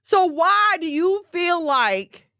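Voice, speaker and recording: A woman giving a conversational sermon in a direct, animated way, mixing scripture with everyday slang. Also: extremely high pitch, slow pace, no room sound, studio quality. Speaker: faith teacher.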